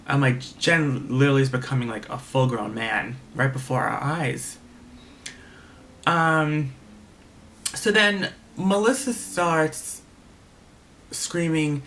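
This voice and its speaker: A man's voice: medium pitch, normal speed. Profane young man ranting casually. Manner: animated, profane, repeats himself. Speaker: reality TV reviewer. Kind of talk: casual video review rant.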